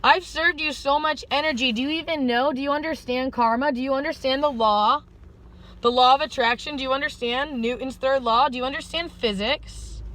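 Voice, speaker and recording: High, bright-voiced woman rambling earnestly. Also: fairly even intonation, brisk, rough recording. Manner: earnest, pleading, stream-of-consciousness. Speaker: vlogger. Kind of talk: rambling spiritual vlog monologue.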